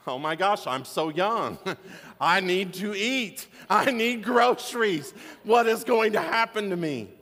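A man voicing a panicked, crying young boy in a high, wailing, slow voice. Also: expressive, pushed and bright, big-room sound, heavily acted.

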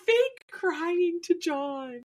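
A woman's voice: very high voice, animated, drawn-out words. A woman co-hosting a podcast, chatting casually about a reality show and mimicking what people said. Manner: chatty, quotes people in put-on voices, laughs. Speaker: podcast co-host. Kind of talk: casual recap chat.

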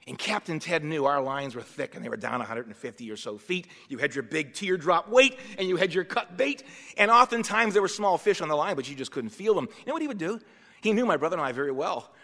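A male preacher from Massachusetts, USA, delivers a sermon woven with personal stories in a bright, somewhat high voice, speaking a little fast. He's animated, swinging between hushed and loud, and the recording carries the long reverb of a large hall.

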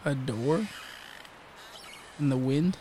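A woman's voice: extremely low pitch, slow pace, background noise. A woman in casual chat during a guessing game, teasing playfully and laughing often.

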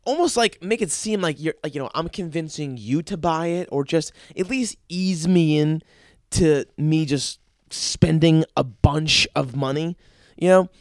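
Profane, rambling young podcast host. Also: male voice, fairly high pitch, measured pace, dry recording, clean studio sound. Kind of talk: casual solo podcast rant.

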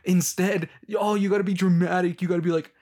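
A man's voice: high-pitched, little pitch movement, fast talker, darkish tone. Young adult male, casual rant, rambling and fed-up, loose filler-heavy delivery. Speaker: movie fan ranting.

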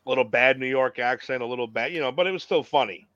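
A man's voice: mid-range voice, quick pace, fairly bright tone, no echo. A man co-hosting a podcast, chatting casually and rambling about old wrestling matches, swearing freely. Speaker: podcast co-host. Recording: dull lo-fi sound.

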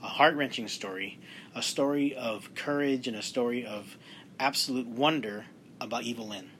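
Male podcast host, bright forceful voice, animated, acts out quotes, faint background noise. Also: medium pitch, normal speed. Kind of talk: casual podcast discussion.

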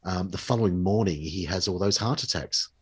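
A man's voice: sits low, fairly quick, slightly rough. A man co-hosting a podcast, talking casually and hesitantly about a documentary. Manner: hesitant, full of fillers and restarts. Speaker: podcast co-host. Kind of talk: casual chat reviewing a documentary.

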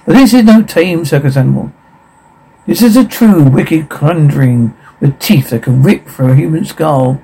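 A showy circus ringmaster, read out by a man, calling to the crowd like a barker. The voice is gravelly, a little husky and dark in tone, and it sits a touch high for a man. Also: expressive, normal speed, rough recording.

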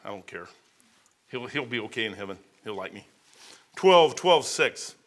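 A man's voice: medium pitch, animated. A man in his fifties or older giving an informal sermon as a preacher, rambling and conversational, losing his place in his notes and acting out the people in his stories. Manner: acts out the people in the stories with quick changes of voice.

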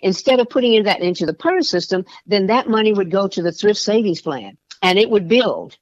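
A woman's voice: mid-range voice, expressive, a little fast, dry recording. Passionate woman senator on a podcast. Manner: passionate, emphatic storytelling with repeated phrases and acted-out quotes. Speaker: state senator and military veteran, podcast guest. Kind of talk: podcast interview. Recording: dull dry lo-fi recording.

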